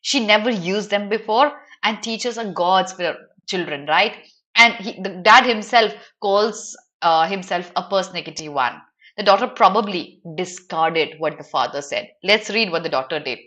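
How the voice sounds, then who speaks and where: A young Indian woman teaching English in a live online class, explaining an article lively and asking her students questions. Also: mid-range voice, moderate pace. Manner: animated, asks students questions, addresses viewers by name.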